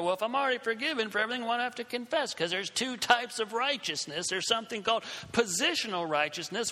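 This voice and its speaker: Animated high-voiced preacher in echoey hall. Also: male voice. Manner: animated, acts out scenes with shifting voices. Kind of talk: storytelling sermon.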